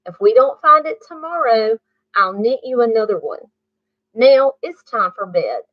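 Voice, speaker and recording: A woman's voice: on the high side, very animated, measured pace, no room sound, muffled recording. A woman reading aloud, voicing a mother cat who scolds and praises her kittens in a sing-song storybook voice. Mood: soothing. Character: scolding mother cat, warm but strict.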